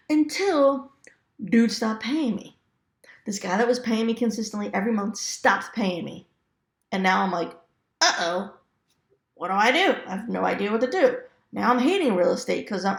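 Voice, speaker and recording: A woman talks straight to the listener in a casual storytelling style, her voice carrying a gravelly fry. She laughs easily and acts out little quoted asides. The recording has a noticeably roomy echo. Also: mid-range voice. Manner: chatty, laughs often, lively quoted asides. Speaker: real estate investor sharing stories.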